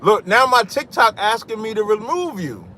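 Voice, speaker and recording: A man's voice: high-pitched, very animated, normal speed, bright, forceful tone, a little hiss or hum. A man hosting a call-in livestream, reading scripture aloud and talking over interrupting callers. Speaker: livestream host.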